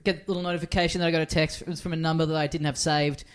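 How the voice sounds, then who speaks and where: An Australian man co-hosting a comedy podcast, telling stories in casual, animated chat with plenty of swearing. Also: fairly high pitch, very fast. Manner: animated storyteller, swears freely. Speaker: podcast co-host.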